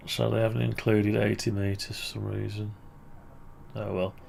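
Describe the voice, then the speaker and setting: His voice is on the low side, creaky and darkish, delivered flatly at a moderate pace, with slight background noise. The British speaker is casually screen-sharing his amateur radio antenna project, thinking aloud and correcting himself.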